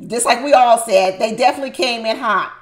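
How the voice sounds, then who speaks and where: A woman's voice: a little high, a little fast, reverberant. Emphatic woman recapping a reality show. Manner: emphatic, talks straight to viewers. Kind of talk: opinionated recap commentary.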